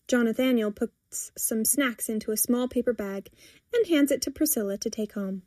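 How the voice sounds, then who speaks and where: A woman reading a scripted comic story aloud in a wry, measured way. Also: on the high side, dark tone, dry recording, studio quality. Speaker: story reader. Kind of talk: scripted narration.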